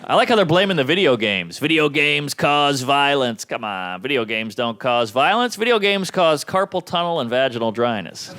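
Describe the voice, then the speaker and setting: Animated man doing stand-up. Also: mid-range voice, fairly quick, hardly any pauses, some chatter behind. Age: 30s. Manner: animated, voices quoted characters, punchy delivery. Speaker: stand-up comedian. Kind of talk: stand-up comedy set. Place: comedy club stage with a laughing audience.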